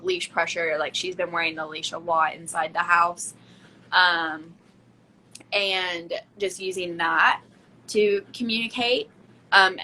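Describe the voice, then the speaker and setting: Bright-voiced chatty woman host. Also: fairly low pitch, a little hiss or hum, rough recording. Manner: chatty, many fillers. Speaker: podcast host. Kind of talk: casual chat.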